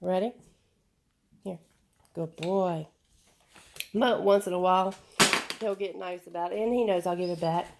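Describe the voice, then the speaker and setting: A low-voiced woman trainer rambles in a folksy, affectionate way while chatting among her dogs at home. A faint hiss of background noise sits under her voice. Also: steady tone, a little fast, a little mellow. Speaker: dog trainer and breeder. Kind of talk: casual home vlog.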